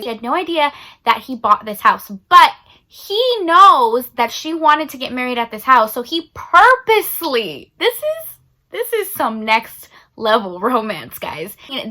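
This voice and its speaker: Young woman, casual book chat, animated, emphatic, slightly high-pitched. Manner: chatty and animated, drawn-out emphasis. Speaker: book vlogger. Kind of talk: casual chat about books.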